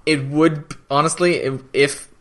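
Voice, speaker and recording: A man co-hosting a casual podcast, discussing a TV episode in relaxed, thoughtful commentary. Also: fairly high pitch, a little slow. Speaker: podcast co-host. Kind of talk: casual episode recap chat.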